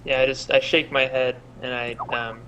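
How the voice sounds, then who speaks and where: A man's voice: medium pitch, little pitch movement, normal speed, sharp tone, highs cut off, a little hiss or hum. A man playing a tabletop game, hesitant, turning formal when in character. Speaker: player. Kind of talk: tabletop role-play.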